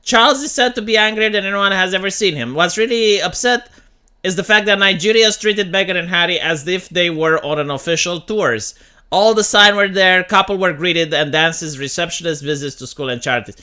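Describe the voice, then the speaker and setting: A man's voice: sits high, a little fast, bright, forceful tone, clear, resonant tone. A man hosting a casual livestream, reading news aloud and riffing bluntly with plenty of swearing. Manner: blunt, profane, reads news aloud and riffs. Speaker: livestream host.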